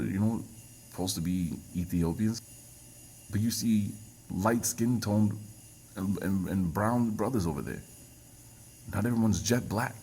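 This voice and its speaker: Deep, dark-voiced man musing. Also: slight background noise, poor audio. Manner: musing, rhetorical questions.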